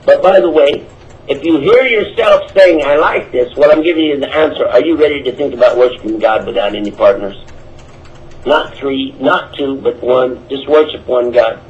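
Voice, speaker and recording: Speaking at a moderate pace in a mid-range voice, a man preaches Islam and fields questions, pressing his points with emphasis, animation and repetition. The recording is dull and lo-fi.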